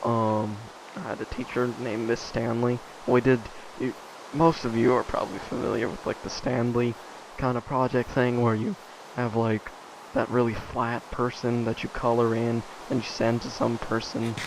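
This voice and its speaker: A man's voice: mid-range voice, flat delivery, normal speed, creaky, background noise. A man vlogging alone, telling stories in a casual, rambling way full of fillers and asides. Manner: rambling, many fillers, self-interrupting asides.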